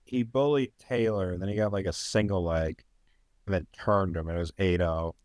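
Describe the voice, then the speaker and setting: A man's voice: low voice, fairly even intonation, normal speed, a little mellow, no echo. Wry, rambling man on a dry mic. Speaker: podcast host. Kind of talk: casual sports chat.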